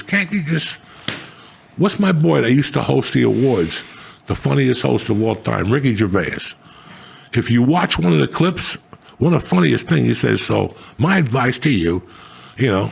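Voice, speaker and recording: A middle-aged man hosting a podcast, telling crude, rambling stories full of swearing. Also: medium pitch. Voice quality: gravelly. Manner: profane, rambling, animated. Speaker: podcast host. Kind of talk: crude casual storytelling.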